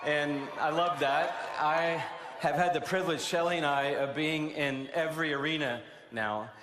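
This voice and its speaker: Fired-up host guy on a stage mic, kinda high voice, big booming arena, crowd noise all around. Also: steady tone, moderate pace, roomy sound. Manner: gushing, loose, with fillers and restarts. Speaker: conference host. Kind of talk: excited stage address. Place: large indoor arena.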